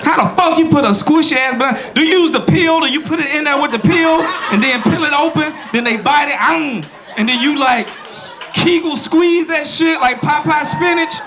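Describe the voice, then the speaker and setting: A man performing a loud, crude stand-up comedy set on a club stage, animated and silly, with a laughing crowd behind him. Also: very high-pitched, normal speed, hardly any pauses. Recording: live club with crowd noise.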